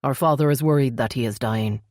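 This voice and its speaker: Reading an audiobook, a woman takes on the part of a stern, brooding male elf crown prince, his words growled out gruff and curt with a grieving mood. The delivery is brisk and very low-pitched, a little mellow, recorded dry and close without echo.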